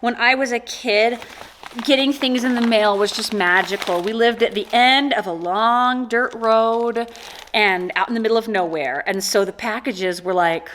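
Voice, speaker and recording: A woman's voice: a little high, normal speed, a bit bright, slight background noise. A woman chatting casually in a vlog while unboxing gifts, gushing and exclaiming with delight, recorded on a camera-mounted mic. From USA. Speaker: small business owner unboxing gifts. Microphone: microphone mounted on the camera.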